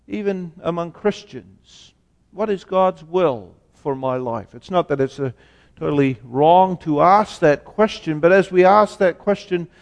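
A man preaching a sermon as pastor, slow and deliberate, asking rhetorical questions. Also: on the high side. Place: church sanctuary. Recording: long church reverb.

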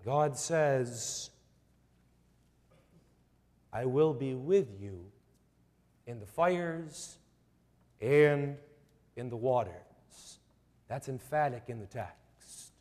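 A man preaching a sermon, slow and emphatic, with repeated rhetorical questions. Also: medium pitch, animated, a little mellow, in a large hall.

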